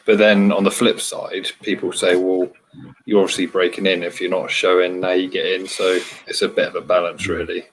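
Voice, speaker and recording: A man's voice: low voice, level tone, moderate pace, a little hiss or hum, poor audio. A man from Britain chatting casually about exploring, explaining his views steadily. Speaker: urban explorer in a group chat. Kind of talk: casual chat.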